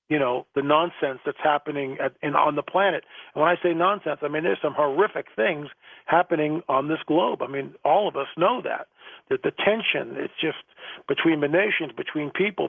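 A man's voice: on the high side, gravelly, dry recording. Preachy guy calling into a radio show, repeats himself a lot, phone-line sound, dry. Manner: emphatic, preachy, repeats words. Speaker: guest author. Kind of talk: radio interview.

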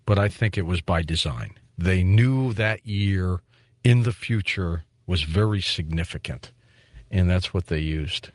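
Male call-in show host, low voice, dry studio sound. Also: no echo. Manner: relaxed, affable, takes calls briskly. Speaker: radio talk show host. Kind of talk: late-night call-in radio.

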